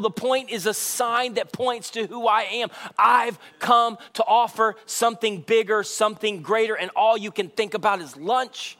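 A man with a fairly high voice preaching a sermon. He keeps it conversational and casual, with plenty of "like". He slips into the voices of the people he quotes. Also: normal speed, few pauses, bright, forceful tone. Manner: acts out quoted voices with shifts in pitch and pace. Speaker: pastor.

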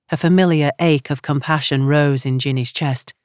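A woman reading a novel aloud in a low voice, with a measured storytelling manner. The recording is close and dry, like a studio audiobook. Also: steady tone, a little mellow, clean tone, dry recording. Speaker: audiobook narrator. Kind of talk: scripted narration.

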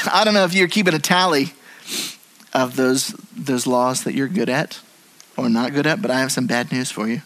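A man preaching a sermon as pastor in a church, moving between hushed and animated delivery. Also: mid-range voice, moderate pace, long pauses, poor audio. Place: church sanctuary.

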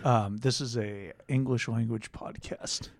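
A man's voice: medium pitch, fairly even intonation, measured pace, no room sound. A man co-hosting a casual podcast, cutting in with dry, teasing remarks. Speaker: podcast co-host.

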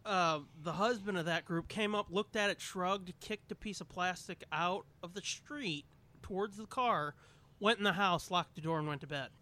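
A man's voice: high-pitched, moderate pace. A man co-hosting a podcast, telling a neighborhood story in casual, profane chat and acting out the people in it. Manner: animated storyteller, swears often, acts out quotes. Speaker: podcast co-host.

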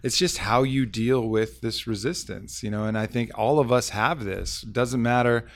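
A man's voice: mid-range voice, normal speed. A man in casual podcast conversation, talking reflectively with many fillers and restarts.

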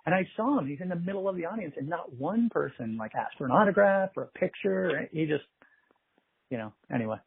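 A man, a festival producer, telling animated anecdotes in a casual interview, quoting people and laughing often. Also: fairly high pitch, brisk, no echo. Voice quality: husky, gravelly. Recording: tinny phone-like line.

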